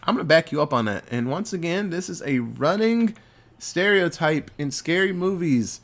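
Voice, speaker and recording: A man co-hosting a podcast, retelling a horror movie plot with lively acted-out quotes and casual swearing. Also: a little high, normal speed. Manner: animated storytelling with quoted voices, swearing. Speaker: podcast co-host.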